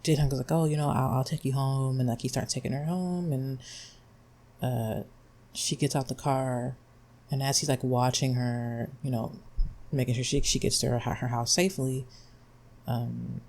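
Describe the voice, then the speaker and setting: A man's voice: mid-range voice, fairly even intonation, normal speed, pauses often, darkish tone. A young man giving a rambling, exasperated spoken review, swearing freely as he recaps the plot. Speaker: vlogger reviewing a drama.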